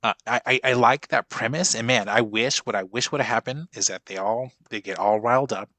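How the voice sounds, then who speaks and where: A man's voice: mid-range voice, brisk, pushed and bright, dry recording. A man in his forties in a casual movie reaction chat, rambling and profane, stopping and restarting his sentences a lot. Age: 40s. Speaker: podcast co-host.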